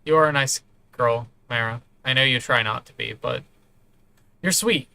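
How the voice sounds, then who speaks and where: A man's voice: medium pitch, moderate pace, gravelly, pushed and bright, clear, resonant tone. A man voicing a hesitant, defensive young man who placates and dodges. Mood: placating.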